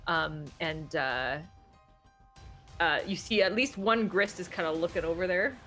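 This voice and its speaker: A woman narrating as game master of a tabletop role-playing game, halting and filling pauses with ums and restarts. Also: fairly low pitch, sharp tone, soft background music. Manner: hesitant, many fillers and restarts.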